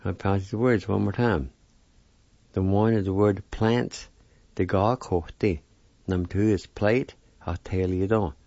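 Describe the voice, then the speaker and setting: Slow, deep-voiced man teaching words. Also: steady tone, vocal fry, mellow, no room sound, lo-fi sound. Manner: slow, careful spelling and repetition of words. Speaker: radio language teacher. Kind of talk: weekly radio language lesson.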